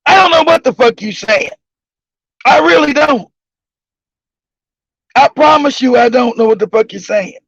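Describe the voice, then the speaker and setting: Male host, profane, mocking storyteller; gravelly and dry, lo-fi sound. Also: very high voice, lively intonation, unhurried, pauses often, a bit bright, no echo. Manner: profane, laughs often, mocking. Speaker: livestream show host. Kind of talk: casual comedic storytelling. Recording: dull lo-fi recording.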